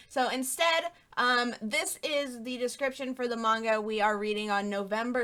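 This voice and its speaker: A young woman hosts a manga book club podcast, chatting casually and rambling with lots of fillers, laughing easily along the way. Her voice sits on the high side and has a sharp tone.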